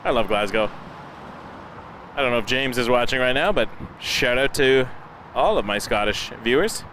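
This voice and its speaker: A man's voice: mid-range voice, expressive, moderate pace, a bit bright. A man in his thirties hosting a live plane-spotting stream outdoors by an airport, chatting and telling family anecdotes. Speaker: livestream host. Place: outdoors near a busy airport. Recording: noisy outdoor livestream audio. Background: traffic and outdoor ambience.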